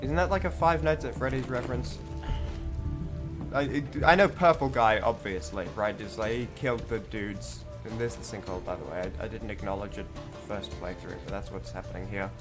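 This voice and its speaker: A man's voice: fairly low pitch, steady tone, fairly quick. A man with a groggy morning voice streaming a game, rambling and joking as he plays. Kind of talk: casual gameplay commentary. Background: game music.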